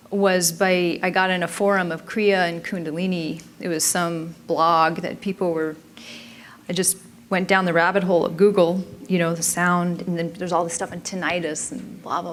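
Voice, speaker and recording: A woman's voice: lowish voice, fairly bright tone, a little hiss or hum. A woman giving an informal talk at a conference in a chatty way, often stopping and restarting her sentences. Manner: chatty, self-interrupting, frequent restarts. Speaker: conference presenter.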